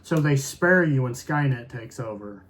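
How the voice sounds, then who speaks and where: A man's voice: mid-range voice, lively intonation, normal speed, a bit bright, slight background noise. A man in his thirties co-hosting a casual podcast, rambling and filling his sentences with "like". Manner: rambling, heavy use of "like". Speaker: podcast co-host. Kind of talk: casual chat.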